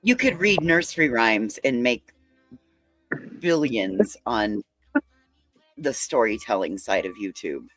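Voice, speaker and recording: A woman's voice: extremely low pitch, dry recording, faint music behind. A middle-aged woman guest chatting casually and rambling animatedly on a livestream panel. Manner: animated, rambling, quick asides. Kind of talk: casual chat.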